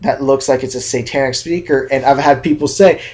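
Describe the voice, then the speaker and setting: Talking briskly in a mid-range voice, a young sneaker vlogger from California delivers a casual, lively rant to camera. He's talkative and acts out other people's reactions.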